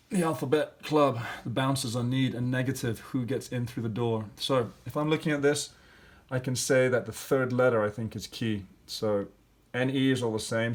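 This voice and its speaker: A male teacher walking through grammar and spelling exercises step by step, thinking aloud with fillers. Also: medium pitch. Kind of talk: classroom lesson walkthrough.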